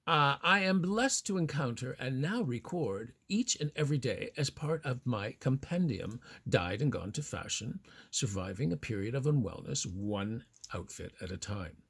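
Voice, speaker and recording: A man telling a fashion story as a vlogger, with a cheeky, flamboyant, over-the-top delivery and a slightly husky voice. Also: medium pitch, lively intonation, normal speed, fairly bright tone. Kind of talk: theatrical storytelling monologue.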